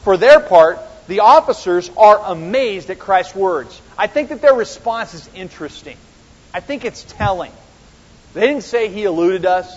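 A man's voice: sits high, expressive, a little slow, a little mellow. A man preaching a Bible study in a conversational way, asking his listeners rhetorical questions. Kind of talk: sermon-style Bible teaching. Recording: dull lo-fi sound with long hall reverb.

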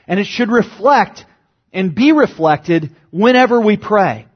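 A man preaching a sermon as pastor, teaching earnestly and stressing key words. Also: fairly high pitch. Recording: dull lo-fi sermon recording.

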